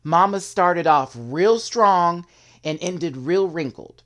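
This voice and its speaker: Male show reviewer, sassy and animated, casual recap talk with quick asides. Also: sits high.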